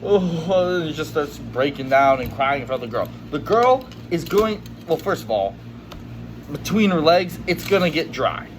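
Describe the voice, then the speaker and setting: Blunt, emphatic man with a higher voice. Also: sing-song, normal speed, a little hiss or hum, poor audio. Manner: emphatic and blunt, heavy use of "you know". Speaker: vlogger. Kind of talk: opinionated casual monologue to camera.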